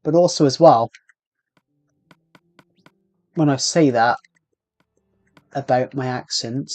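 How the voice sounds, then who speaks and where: A man's voice: mid-range voice, takes it slowly, darkish tone, no room sound. A man with a British accent chatting casually to viewers while livestreaming a game, rambling and talking to himself as he plays. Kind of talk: casual gameplay livestream chat.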